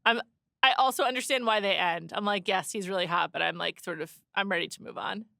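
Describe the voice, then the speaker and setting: A young adult woman co-hosting a casual podcast, giving lively opinions in a chatty way. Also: mid-range voice, quick pace, vocal fry, no room sound, clean studio sound. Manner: lively, opinionated, frequent "like" and restarts. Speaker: podcast co-host. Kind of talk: casual chat.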